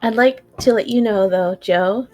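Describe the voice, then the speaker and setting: A woman's voice: mid-range voice, unhurried, a little mellow, soft background music. A woman playing in a tabletop game on a live stream, talking casually, swearing freely, and moving in and out of character. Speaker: player.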